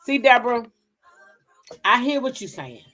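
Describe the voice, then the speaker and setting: A woman's voice: fairly high pitch, big pitch swings, a little slow, a bit bright. A middle-aged woman hosting a gossip channel, chatting frankly with her viewers in a casual live stream, reading their comments and swearing freely.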